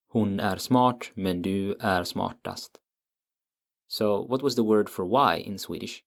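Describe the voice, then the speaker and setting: A man teaching a language lesson, patiently explaining grammar and repeating each example word slowly. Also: on the low side, gravelly.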